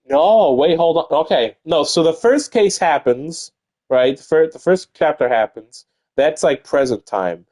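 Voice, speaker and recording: A man's voice: fairly high pitch, expressive, unhurried, darkish tone. A male streamer casually thinking aloud about a game's timeline, rambling with restarts. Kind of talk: casual gaming commentary.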